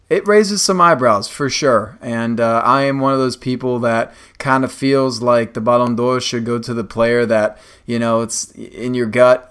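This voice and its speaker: A man's voice: mid-range voice, fairly bright tone, clear, resonant tone. A man hosting a casual sports podcast, jokey and upbeat, stretching words for emphasis. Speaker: podcast host.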